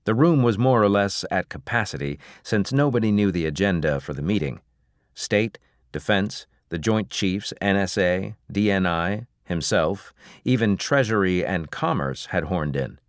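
Low-voiced man narrating an audiobook. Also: animated, unhurried, no echo, clean studio sound. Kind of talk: scripted narration.

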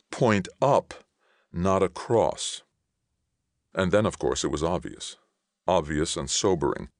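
Very deep-voiced male narrator. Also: no room sound, studio quality. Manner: steady, measured reading. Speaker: audiobook reader. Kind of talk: scripted narration.

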